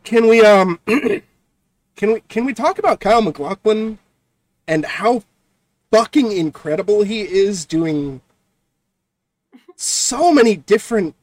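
Excitable, swearing male podcast co-host. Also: sits high, slow pace, long pauses, no echo. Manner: excitable, swears a lot, stumbles over words. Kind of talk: casual chat.

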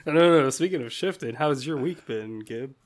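A man co-hosting a comedy podcast, playful and quick to laugh, in casual banter. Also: medium pitch, animated. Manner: playful, laughs often, mock storytelling. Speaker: podcast co-host.

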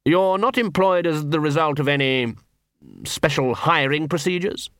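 A man reading the part of a dazed, aristocratic city ruler who drawls slowly. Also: on the high side, fairly bright tone, no echo, studio quality, pitched above the performer's own voice, lightly acted.

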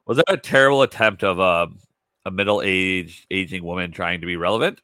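A man's voice: sits low, fairly quick, sharp tone, no room sound. A tired man hosting a podcast, reacting to clips with sarcastic, profane commentary. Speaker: podcast host.

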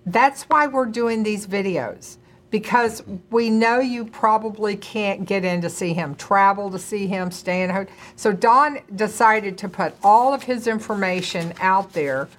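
A woman's voice: medium pitch, a little slow. A middle-aged woman co-hosting a casual talk and speaking earnestly and emphatically to viewers. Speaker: co-host, doctor's wife. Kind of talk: casual conversational chat.

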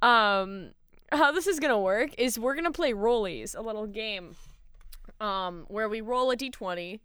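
A woman's voice: a little high, expressive, normal speed, fairly bright tone, smooth, no echo, studio quality. A young woman co-hosting a casual podcast, laughing often and rambling through restarts. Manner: giggly, rambling, frequent restarts. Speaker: podcast co-host.

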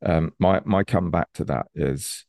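A man's voice: low-pitched, moderate pace, gravelly, a little mellow, no echo, studio quality. A man, an enthusiastic and persuasive consultant explaining ideas on a video call. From United Kingdom. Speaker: Bitcoin consultant.

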